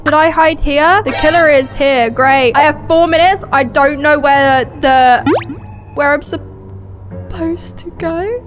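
High-voiced nervous woman gaming. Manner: jumpy, nervous, talks to viewers. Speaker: gaming YouTuber. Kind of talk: excited gameplay commentary.

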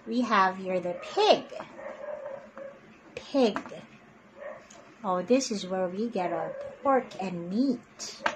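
A young adult woman reading picture books aloud to children in an animated, sing-song voice. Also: mid-range voice, extremely slow, long pauses, noisy background. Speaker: children's storyteller.

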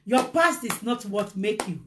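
A woman preaching a motivational sermon, impassioned, swinging from shouted bursts to hushed low lines. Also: expressive, a little slow, background noise.

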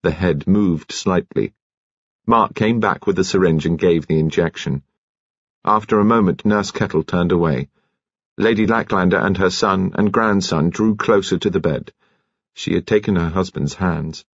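A man narrating a mystery novel in a measured, expressive storytelling voice. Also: deep voice, no room sound, muffled recording. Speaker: audiobook narrator.

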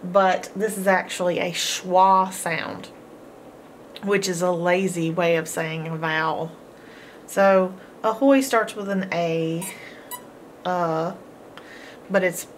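A woman teaching a homeschool phonics lesson, sounding out each word slowly and repeating every sound, with encouraging praise. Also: fairly low pitch, slight background noise. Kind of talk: slow, drawn-out phonics lesson.

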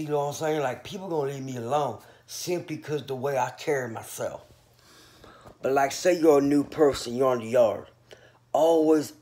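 A man from North Carolina holds forth in a loose, rambling monologue to his viewers. His voice sits at an ordinary male pitch. He is boastful and full of street slang, and he sounds a bit sleepy. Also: warm tone. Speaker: vlogger. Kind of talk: casual monologue to camera.

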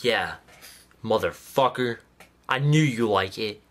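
A man's voice: fairly low pitch, animated, slow, fairly bright tone. A man hosting a reaction video, talking casually in a sarcastic, mocking way and swearing freely.

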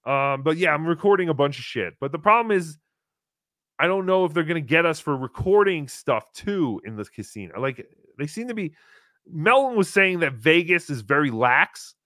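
Male call-in podcast host, fairly high voice, dry close mic, wry and rambling with casual swearing. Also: animated, moderate pace, bright, forceful tone, no echo. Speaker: podcast host taking calls.

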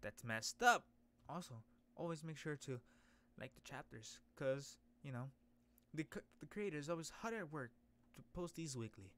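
A man streaming a casual comic readthrough, reacting excitably with gasps and exclamations. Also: fairly high pitch, moderate pace. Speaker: streamer reading a webtoon.

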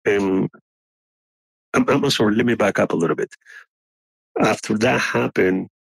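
A man whose first language is not English tells his story in a husky voice with some fry. He speaks earnestly, often restarting and clearing his throat. The recording is dry and close. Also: lowish voice, no echo, rough recording. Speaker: guest telling an encounter story.

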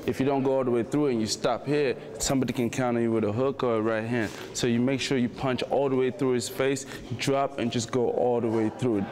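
Man, boxer, relaxed explanation, mid-pitched voice, faint background hiss. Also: fairly quick, hardly any pauses. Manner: easygoing, plain, says "basically" often. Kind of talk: casual demonstration.

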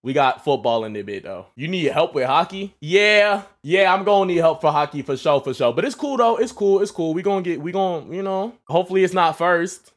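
A young man from the Atlanta area, streaming and commentating his own sports video games, swearing and yelling at plays. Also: sits high, a little fast, hardly any pauses. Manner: excitable, swears a lot, yells at plays. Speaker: gaming streamer. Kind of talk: casual gaming commentary.

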